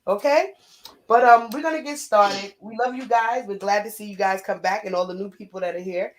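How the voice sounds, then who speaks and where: A woman co-hosting a casual live-stream chat with a New York accent, talkative and playful with shout-outs. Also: medium pitch, fairly quick, poor audio. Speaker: co-host.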